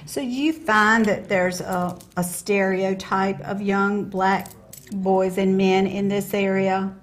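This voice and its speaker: A woman's voice: mid-range voice, steady tone, slow. Chatty Southern woman co-host. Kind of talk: casual talk-show chat.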